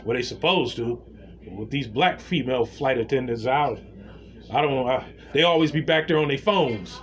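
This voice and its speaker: A man telling a story in a casual rant, blunt and slangy, with lively retellings. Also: mid-range voice, normal speed, faint music behind.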